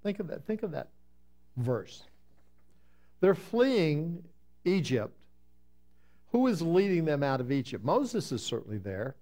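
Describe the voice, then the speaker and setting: A man preaching a Bible-teaching sermon, reading scripture slowly with emphasis and then explaining it in a conversational way, sometimes answering his congregation. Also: on the high side, very animated, warm tone. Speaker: pastor.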